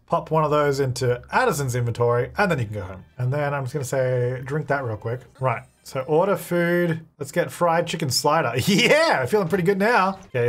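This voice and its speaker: A young man casually commenting on his own gameplay, chatty and giggly, talking back to the characters on screen. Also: medium pitch. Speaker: gaming YouTuber.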